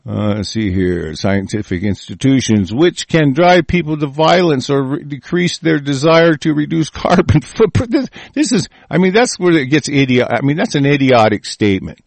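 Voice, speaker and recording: A man reading lines aloud and answering them in a profane, angry rant, swinging between loud outbursts and low muttering. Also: no echo. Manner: reads lines aloud then rants with heavy swearing. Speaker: vlogger reacting to a text.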